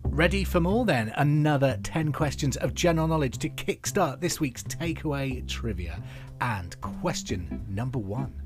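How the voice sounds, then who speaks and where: A man from England hosting a trivia podcast, chatty and upbeat, reading out each question slowly and then again. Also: mid-range voice, over music. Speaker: quiz host.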